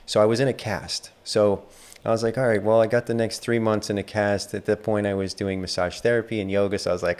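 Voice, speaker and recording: Relaxed, rambling low-voiced male teacher. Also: fairly quick, clear, resonant tone. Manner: relaxed, rambling, many fillers. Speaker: internal arts teacher. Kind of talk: casual spoken lecture with anecdote.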